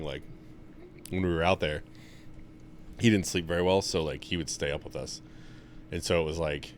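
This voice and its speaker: A young man in casual podcast chat, telling stories with lots of swearing and getting loud when he's excited. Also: a little hiss or hum. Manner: animated, swears a lot, gets loud and high when excited. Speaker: podcast co-host.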